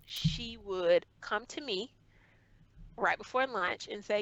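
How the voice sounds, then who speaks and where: A woman's voice: mid-range voice, takes it slowly, fairly bright tone, dry recording, muffled recording. Earnest woman telling a painful story. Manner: earnest, emotional retelling with acted quotes. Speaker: guest. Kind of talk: personal storytelling in conversation.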